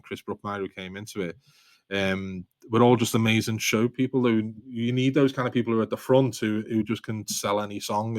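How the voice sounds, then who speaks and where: A man's voice: fairly low pitch, no room sound. A man with a Liverpool Scouse accent, a guest on a podcast, telling stories in a rambling, self-deprecating way and laughing often. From Liverpool, England. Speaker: guest author. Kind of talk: casual storytelling in a podcast interview.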